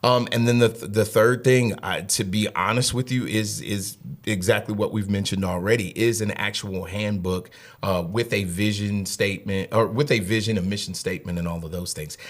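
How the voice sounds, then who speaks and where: Guy in his 30s, fairly low voice, earnest podcast guest, kinda repeats himself. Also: fairly even intonation, moderate pace, few pauses. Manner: earnest, repeats words while thinking. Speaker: HR director guest. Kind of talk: casual interview talk.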